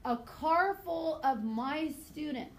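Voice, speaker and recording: A woman teaching a high school biology class, chatty and goofy, telling stories between points. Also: lively intonation, slow pace, roomy sound, heavy background noise. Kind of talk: classroom lecture with anecdotes.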